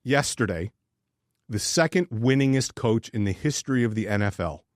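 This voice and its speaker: A man's voice: on the low side, animated, moderate pace, no echo, studio quality. A man co-hosting a sports podcast, ranting in casual chat and swearing freely. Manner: profane, ranting. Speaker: podcast co-host.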